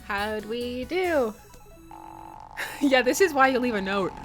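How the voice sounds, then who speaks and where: Lively, playful young woman streamer. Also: fairly high pitch, takes it slowly, faint music behind. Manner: playful, giggly, chatting with viewers. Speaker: game streamer. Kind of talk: reading a dating game aloud with live commentary.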